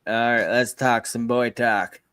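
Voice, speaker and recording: A man's voice: medium pitch, steady tone, unhurried, a bit bright, smooth, no room sound, studio quality. A man hosting a casual livestream podcast, bantering with crude jokes and frequent laughter. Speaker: podcast host.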